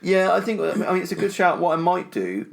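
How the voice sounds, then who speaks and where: A man's voice: high voice, very animated, a little fast, gravelly. A man with a British accent, co-hosting a podcast in casual chat, jokey and prone to restarting his phrases. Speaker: podcast co-host.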